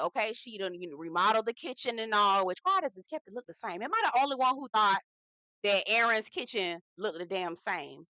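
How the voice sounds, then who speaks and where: A young woman, chatting sassily through a TV recap. Her voice is bright and forceful and sits a little high, and the recording is dry and close. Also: no room sound. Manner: sassy, animated, slangy, calls viewers girl. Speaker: TV review host.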